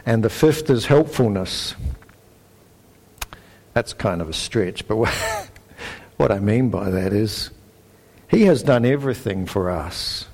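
A man with a New Zealand accent delivers a sermon in a somewhat low voice. He is earnest and emphatic, reading scripture aloud and pressing each point home. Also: expressive, measured pace, pauses often, a little mellow, slightly rough. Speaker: pastor.

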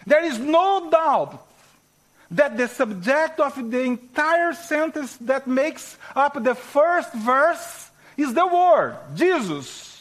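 Portuguese-accented male preacher, high-pitched, deliberate and slow, stresses key words. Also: sing-song, fairly bright tone, rough recording. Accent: Brazilian Portuguese. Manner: slow, emphatic teaching with rising stresses. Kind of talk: sermon.

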